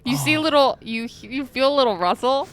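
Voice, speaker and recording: A woman narrating a tabletop game as game master, with a dry, deadpan delivery. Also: high voice, a little fast, background noise.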